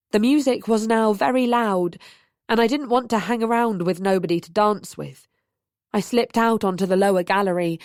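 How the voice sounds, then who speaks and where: Female audiobook narrator, medium voice, steady first-person storytelling, dry studio sound. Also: medium pitch, no echo.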